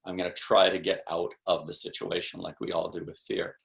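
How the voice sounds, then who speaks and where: A man's voice: sits low, flat delivery, a little fast, vocal fry, a bit bright. A man speaking as a sales expert guest in a podcast interview, explaining in an emphatic, punchy coaching tone with rhetorical questions.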